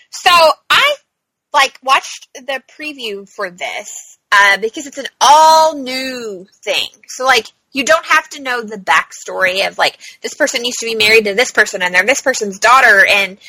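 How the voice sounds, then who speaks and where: Woman cohost rambling along, lots of likes and ums, kinda high bright voice, dry close sound. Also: animated, measured pace, no room sound, low-quality recording. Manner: chatty, many "like" and "um" fillers. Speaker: podcast co-host. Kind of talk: casual chat.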